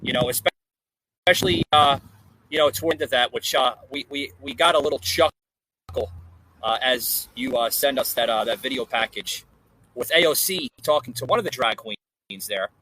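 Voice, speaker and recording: A man's voice: mid-range voice, moderate pace, bright, forceful tone, a little hiss or hum, rough recording. A man hosting a casual political chat podcast from an outdoor porch, talking in a rambling way with lots of fillers and restarts. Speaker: podcast host.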